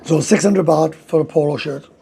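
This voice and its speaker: A man's voice: on the high side, moderate pace, warm tone, slight background noise. A tired man with a Welsh accent, chatting casually on his livestream, slangy and swearing, reading out viewer comments. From Wales. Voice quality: gravelly, husky voice. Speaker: livestream host. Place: indoors, sitting with a coffee.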